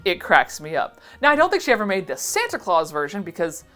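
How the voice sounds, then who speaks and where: A woman in her thirties from Ohio, chatting through a casual reaction vlog in a giggly, self-deprecating, expressive way. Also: fairly low pitch, brisk, faint music behind. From Ohio, USA. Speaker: vintage pattern seller and vlogger.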